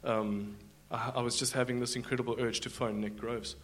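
Halting man telling his testimony. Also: medium pitch, level tone, a little hiss or hum. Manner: halting, many fillers and restarts. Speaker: guest giving a testimony. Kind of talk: church testimony, storytelling. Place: church in front of a congregation.

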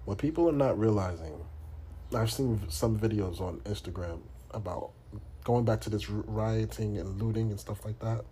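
A man's voice: lowish voice, moderate pace, warm tone, a little hiss or hum. A man from the United States hosting a podcast, talking in a blunt, profane, casual monologue full of restarts. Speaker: podcast host.

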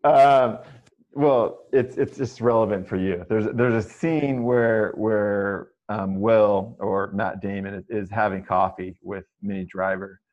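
Male interviewer, halting and rambling delivery, dull lo-fi recording. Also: lowish voice, fairly even intonation, a little mellow. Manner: hesitant, rambling with fillers and restarts. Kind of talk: conversational interview. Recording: slightly dull, lo-fi audio.

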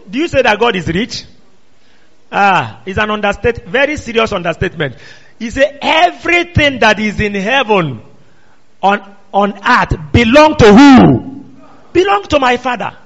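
A man preaching a sermon, quizzing his congregation with call-and-response questions and emphatic rising shouts. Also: high-pitched, creaky. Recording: dull sound in a reverberant hall.

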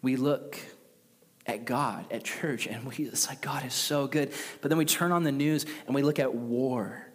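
A man's voice: medium pitch, measured pace. Conversational male preacher in a hall. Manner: conversational, animated, with acted quotes. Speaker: pastor. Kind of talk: sermon. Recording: long reverb of a large hall.

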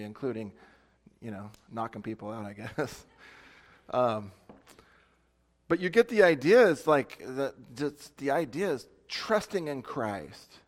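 A pastor preaching a casual, conversational sermon, chatty and thinking out loud with self-deprecating asides. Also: male voice, medium pitch, very animated, unhurried.

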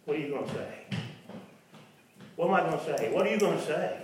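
A man's voice: lively intonation, fairly quick, long pauses, slight background noise. A man preaching a sermon, sometimes mocking imagined doubters in a raised voice, recorded in a church. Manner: mocks imagined doubters in a high voice. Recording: echoey hall from far off.

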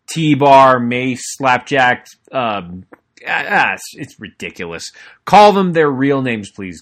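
A young adult man hosting a podcast in a middle-pitched voice. He gives a casual, excited wrestling recap that rambles, restarts his sentences and leans on plenty of ums and uhs. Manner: enthusiastic, rambling, frequent fillers and restarts. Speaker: podcast co-host.

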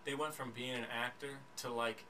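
A man chatting as a guest and telling profane, animated stories. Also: medium pitch, normal speed, slight background noise. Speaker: guest, drummer. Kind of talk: casual chat.

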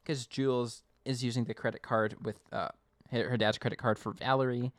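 A man casually recapping an episode as a podcast co-host, chatty and animated. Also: medium pitch, fairly quick, no room sound, studio quality. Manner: chatty, animated storytelling with acted quotes.

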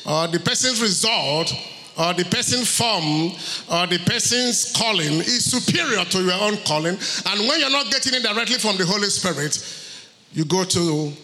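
High bright-voiced pastor preaching in a hall. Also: male voice, animated, normal speed. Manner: preaching with rhetorical repetition. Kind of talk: sermon. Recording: long hall reverb.

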